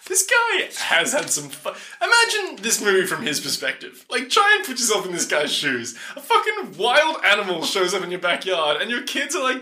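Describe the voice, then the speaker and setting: Podcast co-host, man, high and lively, very bright tone, animated and swearing. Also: moderate pace, few pauses. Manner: animated, laughing, swearing, doing comic voices. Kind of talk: casual movie-recap chat.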